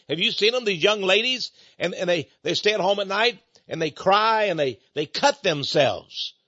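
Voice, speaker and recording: A man's voice: high voice, sharp tone, dry recording. A man preaching a storytelling sermon about his ministry, repeating and restarting words as he talks, in a dull lo-fi recording.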